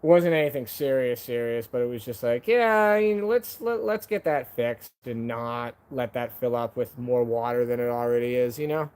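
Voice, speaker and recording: A man's voice: medium pitch, lively intonation, normal speed, hardly any pauses, darkish tone, smooth. A man hosting a casual live stream from home. He talks to viewers in a laid-back, slangy way, calling them "man" and "dude".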